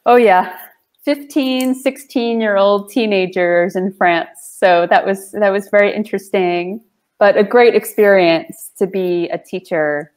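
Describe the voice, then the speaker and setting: Casting: slow, deliberate American woman, mid pitch, clear diction, light laughs, interview guest. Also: darkish tone. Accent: neutral American, regional accent deliberately lost. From Long Island, New York. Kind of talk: casual interview.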